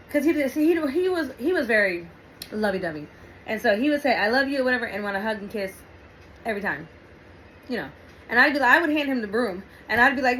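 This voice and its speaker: A middle-aged woman hosting a relationship talk, telling a personal story in a chatty, animated way with frequent laughs and fillers. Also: fairly high pitch, a little fast, long pauses, slight background noise, rough recording. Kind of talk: casual storytelling monologue.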